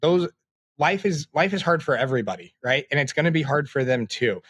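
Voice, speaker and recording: A man in his late twenties, a podcast guest, talking in a reflective, halting way with many fillers. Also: on the high side, lively intonation, a bit bright, slightly rough. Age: 20s. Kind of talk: casual interview talk.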